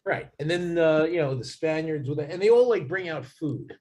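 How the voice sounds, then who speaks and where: A man's voice: on the high side, lively intonation, normal speed, dark tone. A man talking as a guest in a casual chat, rambling with many fillers and restarts.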